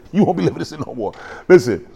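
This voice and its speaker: A male pastor preaching a lively sermon. His pitch runs high and swings widely, but his tone stays mellow rather than bright. He jokes with the congregation and acts out the quotes he tells. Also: creaky, breathy edge. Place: church.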